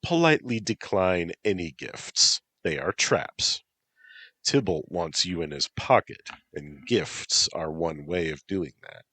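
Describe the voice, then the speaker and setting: A man's voice: sits low, expressive, slow pace, a bit bright, husky, no room sound, full character voice. A man voicing a blunt, dry-witted female yokai aide in a storybook reading. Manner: dry, blunt advice-giving.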